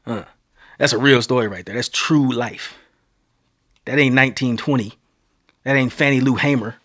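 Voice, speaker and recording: A man from Texas in his thirties tells a long tale on his podcast in a loose, conversational way. He drifts and circles back, then his voice rises and speeds up as the action builds. His pitch sits in an ordinary middle range for a man. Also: normal speed. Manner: animated storyteller, voice climbs when excited. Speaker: podcast host. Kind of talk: casual storytelling monologue.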